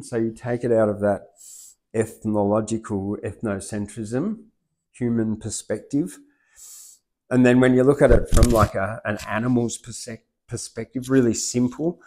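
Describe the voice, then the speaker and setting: An Australian man hosting a poetry open mic, who chats loosely with many fillers and then reads rhyming verse loudly and rhythmically. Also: mid-range voice. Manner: loose and rambling, with many fillers, swinging into loud rhythmic recitation. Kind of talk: reciting rhyming poetry and rambling chat.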